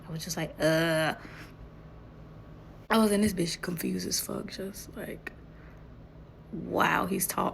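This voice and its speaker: Bright, gravelly-voiced young woman telling a story. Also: mid-range voice, slight background noise. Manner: animated, laughing, swearing freely. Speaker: vlogger. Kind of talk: casual storytelling.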